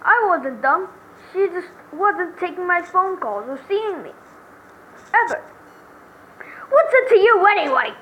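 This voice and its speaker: Girl doing a whiny loud young guy from a game, high and shrill, super dramatic. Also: very animated, measured pace, long pauses, slight background noise, heavily acted. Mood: indignant. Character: excitable loudmouth young man, heartbroken and dramatic. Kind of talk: reading game dialogue aloud.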